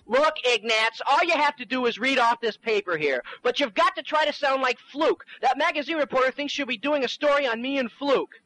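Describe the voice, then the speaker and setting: Whiny, excitable high-voiced man. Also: rough recording. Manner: excitable, whiny, quick-tempered. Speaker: comedy phone-tape performer. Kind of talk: comedy skit acting.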